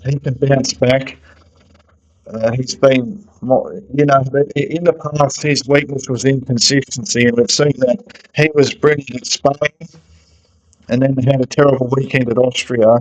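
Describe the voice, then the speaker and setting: A man talking through his views on a racing season in a relaxed, conversational monologue. His voice sits at an everyday middle pitch, and he sounds opinionated as he works out his thoughts aloud. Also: unhurried, rough recording. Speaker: motorsport fan commentator. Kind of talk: casual sports analysis monologue.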